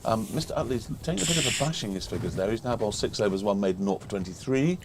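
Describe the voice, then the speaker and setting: English guy, lowish voice, rattling off cricket scores with a dry joke now and then. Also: expressive, very fast, noisy background. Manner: reads out scores and figures, dry humour. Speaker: cricket commentator. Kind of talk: casual live commentary. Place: outdoors at a cricket ground.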